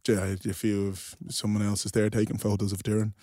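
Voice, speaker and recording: A man's voice: on the low side, completely flat delivery, fairly quick, dark tone, dry recording, clean studio sound. A man telling a teasing, sweary story in casual banter with friends. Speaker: podcast guest.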